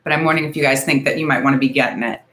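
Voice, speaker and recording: A woman's voice: very deep voice, steady tone, racing, a bit bright. A woman in her forties hosting a casual beauty livestream, talking in a nervous, rambling, hedging way. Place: home, ring light.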